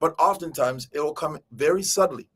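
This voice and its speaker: Talking straight to his live-stream audience, a host discusses a book in a relaxed, animated way, performing the quoted speech as he goes. His husky voice is fairly high and a little fast.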